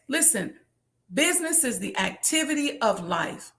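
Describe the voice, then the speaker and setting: A woman's voice: sits high, lively intonation, moderate pace, fairly bright tone. A woman hosting a business question show, talking in an impassioned, preachy monologue and repeating phrases for emphasis.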